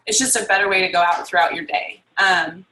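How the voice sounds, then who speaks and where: Rambling woman on a video call, bright voice, echoey room, lots of ums and likes. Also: lowish voice, steady tone, fairly quick, slight background noise. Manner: rambling, reading out comments, many ums and likes. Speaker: team call host. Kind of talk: casual chat.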